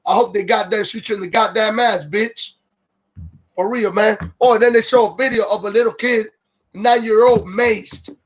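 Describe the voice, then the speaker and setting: Heated high-voiced man ranting on a livestream. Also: steady tone, normal speed. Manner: heated, profane, reads viewer comments aloud. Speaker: livestream host.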